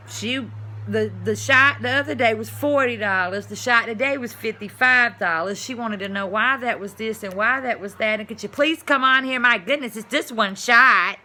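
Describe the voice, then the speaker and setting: Chatty woman vlogger, bright tone, mid pitch, animated storyteller. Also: a little hiss or hum. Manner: animated, swings from hushed asides to loud exclamations; chatty, addresses viewers as y'all. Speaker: vlogger telling a personal story. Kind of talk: casual storytelling to camera.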